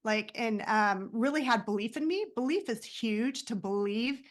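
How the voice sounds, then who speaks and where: A woman's voice: a little high, expressive, normal speed. A woman who is a guest on a podcast, speaking in an encouraging way with many ums. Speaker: podcast guest, business owner. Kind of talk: conversational interview.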